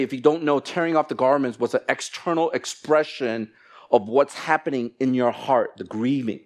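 Animated male pastor preaching. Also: on the high side. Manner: animated, acts out little quoted exchanges in shifting voices. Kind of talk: sermon. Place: church.

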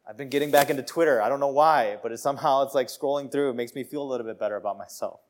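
A man's voice: mid-range voice, very fast. A man preaching a sermon in an earnest, conversational way, repeating phrases and restarting sentences.

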